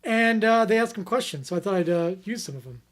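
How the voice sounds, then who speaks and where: This high-pitched co-host keeps the comedy podcast casual as he works through fan questions, fillers and all. He talks fast, and his intonation is lively.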